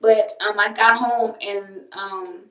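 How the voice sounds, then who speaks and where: A woman's voice: medium pitch, steady tone, takes it slowly, fairly bright tone, recorded from a distance. A young woman in a casual vlog, telling an emotional story in a rambling way full of fillers. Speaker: vlogger. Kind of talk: casual chat to camera. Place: home bathroom. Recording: echoey bathroom, voice from mic.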